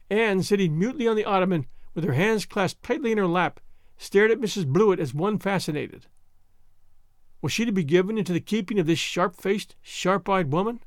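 A man narrating a classic novel with expressive storytelling. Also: high voice, no room sound, studio quality. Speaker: audiobook narrator. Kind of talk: scripted narration.

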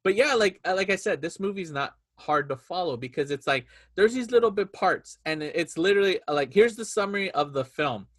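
A man's voice: sits high, a little fast, few pauses. A man in casual movie chat, retelling scenes and acting out quotes in little voices. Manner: animated storyteller, acts out quotes in voices.

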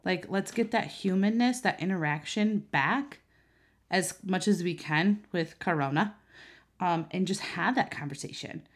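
A woman's voice: fairly low pitch, a little slow. A woman in her thirties, a mother, talking earnestly to camera in a conversational way, with many fillers and restarts. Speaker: mother and vlogger.

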